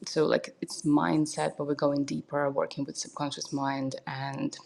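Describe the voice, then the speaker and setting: A woman who is a mindset coach, talking in a hesitant, thinking-aloud way with many pauses, with Russian as her first language, on an audio chat room. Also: deep voice, level tone, creaky, a little mellow, a little hiss or hum. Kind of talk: casual podcast talk.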